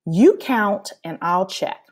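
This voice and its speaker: A woman reading a picture book aloud, voicing a kind grandmother who gently encourages a child. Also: mid-range voice, expressive, slow, breathy edge. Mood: gentle. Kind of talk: storybook read-aloud.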